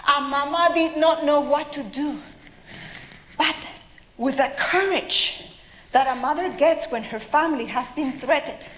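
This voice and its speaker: A woman with a South American accent speaks to an audience with an animated, expressive storyteller's delivery. Her voice sits high. It echoes through a roomy hall with faint ambience behind it. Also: a little hiss or hum. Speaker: children's author and speaker. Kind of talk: storytelling talk with audience sing-along. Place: stage at a public event.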